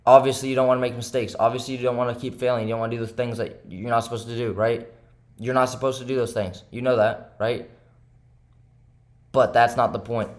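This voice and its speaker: A man's voice: medium pitch, flat delivery, brisk. A young man who day-trades, talking over his charts to viewers after a bad day, frustrated and upset, repeating himself and asking "right?" again and again. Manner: repetitive, keeps asking "right?", swings between heated and subdued. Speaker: day trader and channel host. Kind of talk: frustrated self-talk to camera.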